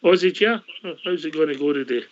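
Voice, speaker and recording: A Scottish man hosts a casual online call-in chat, his voice sitting a touch high. He talks in a loose, chatty way, dropping words like aye and wee. The audio is slightly dull, like an online call. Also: brisk. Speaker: call-in show host.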